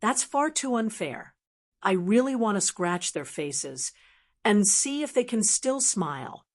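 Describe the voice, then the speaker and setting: A woman's voice: mid-range voice, expressive, unhurried. A woman reading the lines of a jealous, spiteful middle-aged woman in an audiobook. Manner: bitter, envious.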